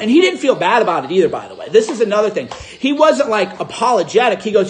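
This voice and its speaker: A man casually recounting a story to his audience, acting out both sides of an argument with animated delivery. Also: sits high, fast, hardly any pauses, slight background noise. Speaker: host.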